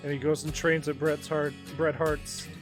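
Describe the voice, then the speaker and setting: A man's voice: on the high side, level tone, normal speed. A young man streaming a wrestling video game, with sarcastic, muttering commentary. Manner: sarcastic, swearing, muttering asides. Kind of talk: casual gameplay commentary. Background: game music.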